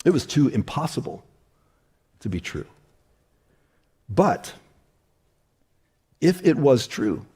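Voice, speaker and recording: A man preaching a casual, conversational sermon as pastor, repeating phrases for emphasis and dropping to a hush on key lines. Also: on the high side, husky. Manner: relaxed, repeats himself for emphasis, asks "right?".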